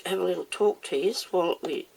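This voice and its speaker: A woman's voice: on the low side, fast talker, vocal fry, a little mellow, slightly rough. A woman chatting casually as she demonstrates making moulds, talking herself through each step and scolding herself by name. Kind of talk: casual how-to video.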